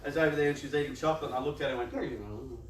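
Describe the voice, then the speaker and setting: A man's voice: medium pitch, very fast, slight background noise. Man talking in an echoey hall. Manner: conversational, playful, laughs often and acts out inner voices. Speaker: youth organisation speaker. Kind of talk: motivational talk to a live audience. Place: large room with an audience. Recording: echoey room, voice picked up from a distance.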